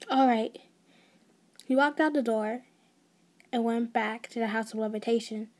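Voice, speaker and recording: A woman's voice: on the high side, warm tone. A woman narrating an ASMR fan story in a casual way, with restarts and side notes.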